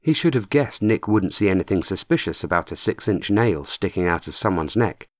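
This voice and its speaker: A man narrating an audiobook with measured storytelling. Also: sits low, sing-song, no room sound, studio quality. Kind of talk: scripted narration.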